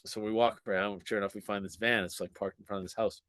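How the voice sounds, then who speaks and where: A man's voice: on the low side, fairly even intonation, fast talker, fairly bright tone, no echo. A man in his forties, a podcast guest telling a story in casual chat, swearing freely, laughing often and acting out what people said. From Canada. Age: 40s.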